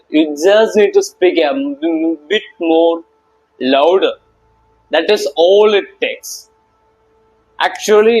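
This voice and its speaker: A man's voice: high-pitched, a little mellow, slightly rough, low-quality recording. A young man giving a casual motivational talk to camera. He speaks informally with slang, addresses the viewer directly and repeats his points. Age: young adult. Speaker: self-help video maker.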